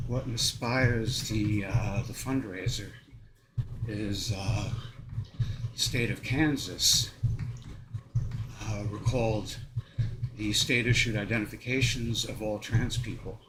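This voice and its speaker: Low-voiced American man rambling on a treadmill. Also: background noise. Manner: rambling, profane, with frequent laughs and fillers. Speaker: vlogger. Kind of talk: casual monologue while walking on a treadmill. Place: home treadmill.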